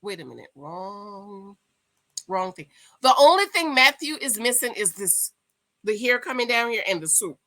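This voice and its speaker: A gossipy, excitable woman talking at home, her voice bright and forward and sitting a little high. She chats straight to her viewers like a girlfriend, rushing through the recap with plenty of asides. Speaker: YouTube host reviewing a reality dating show. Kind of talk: casual chatty recap to camera. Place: at home indoors.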